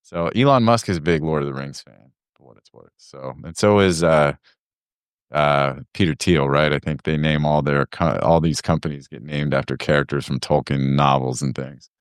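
A man's voice: rumbling low, steady tone, normal speed, clear, resonant tone, dry recording, studio quality. A man hosting a casual podcast chat, rambling with lots of fillers and easy laughs.

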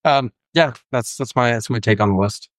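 A man's voice: medium pitch, normal speed, no echo. A man in casual podcast chat, telling a story and acting out quoted lines. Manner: storytelling with animated quoted voices.

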